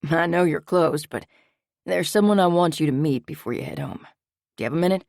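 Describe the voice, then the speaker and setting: A woman's voice: low-pitched, a little fast, vocal fry, a little mellow, no room sound, studio quality. A woman voicing a polite small-town sheriff. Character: Sheriff McCabe, polite adult man.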